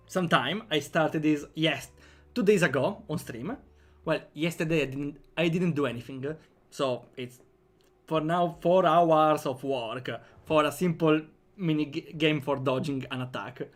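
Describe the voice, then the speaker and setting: A young man with an Italian accent chatting playfully on a livestream while programming, laughing often and joking with chat. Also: a little high. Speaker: game developer streamer.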